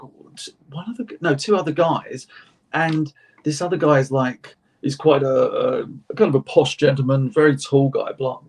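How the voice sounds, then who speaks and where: A young British man on a chat panel, telling lively anecdotes and acting out the people in them. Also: a little high, slightly rough. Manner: animated anecdotes, acting out quotes, self-laughing. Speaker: panel co-host. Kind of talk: casual storytelling chat.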